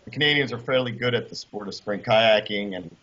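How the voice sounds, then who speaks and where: A man being interviewed, telling a story in an animated way and acting out the people in it. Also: fairly low pitch, brisk. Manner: animated, acts out quoted voices. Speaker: guest, former kayaker. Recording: dull lo-fi audio.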